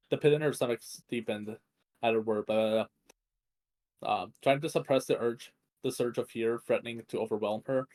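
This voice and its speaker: Man reading fanfic aloud with a strained voice, stumbles and self-corrects often, mid-range pitch. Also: moderate pace, a little mellow. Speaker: fanfic reader. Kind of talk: reading fan fiction aloud.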